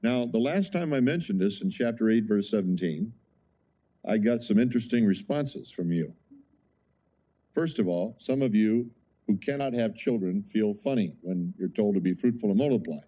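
A man's voice: lowish voice, lively intonation, normal speed, mellow. A man preaching a sermon as pastor, conversational, with frequent rhetorical questions to the congregation.

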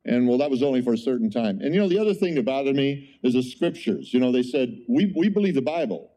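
Mellow-voiced pastor telling a story. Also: male voice, mid-range voice, fast talker. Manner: animated storytelling, exclaiming. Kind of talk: conversational sermon.

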